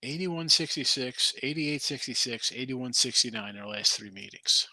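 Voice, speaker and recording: Animated man talking betting picks. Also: medium pitch, moderate pace, no room sound. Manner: animated, rambling, thinks aloud over betting lines. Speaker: sports betting show host. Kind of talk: casual live-stream chat reading viewer picks.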